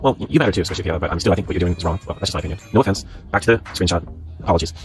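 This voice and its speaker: Fast-talking man reading screenshots. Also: sits low, faint music behind. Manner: rambling, sarcastic asides. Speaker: channel host.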